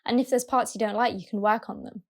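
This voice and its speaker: A woman's voice: a little high, steady tone, fast. A woman co-hosting a podcast, talking in an earnest, rambling way and searching for her words. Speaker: podcast co-host. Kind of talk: casual chat.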